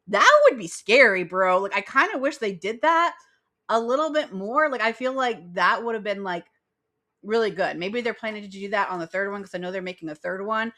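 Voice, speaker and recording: A woman's voice: mid-range voice, a bit bright. A young woman hosting a casual podcast, rambling with lots of fillers and giggles. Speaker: podcast host.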